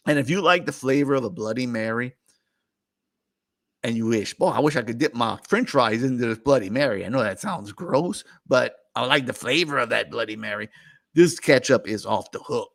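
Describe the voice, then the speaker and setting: A man's voice: mid-range voice, creaky, fairly bright tone, dry recording. A middle-aged man, hosting a casual, rambling food chat stream and laughing often. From New Orleans area. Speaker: host.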